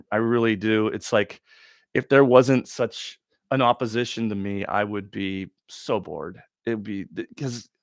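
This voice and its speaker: A man hosting a live question-and-answer stream, talking in a rambling, excitable way with many restarts. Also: lowish voice, vocal fry, no echo, studio quality. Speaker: talk show host.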